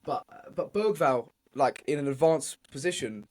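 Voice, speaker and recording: A man's voice: a little high, expressive, moderate pace, a little mellow. A young man, co-hosting a casual football podcast, telling stories animatedly and swearing freely. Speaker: podcast co-host.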